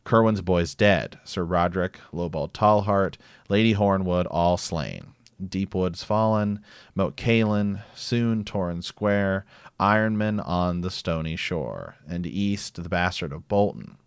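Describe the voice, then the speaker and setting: A man reading aloud the lines of a dying old maester, slow and faint. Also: low-pitched, clear, resonant tone, dry recording, studio quality. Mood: weak, dying. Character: dying old male maester, weary and gentle.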